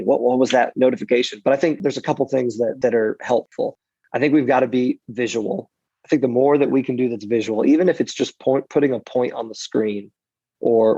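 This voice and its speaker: Gravelly-voiced man giving speaking tips. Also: medium pitch, dry recording, dull audio. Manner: animated, self-deprecating, frequent restarts. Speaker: speaker and preacher. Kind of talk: conversational interview answers.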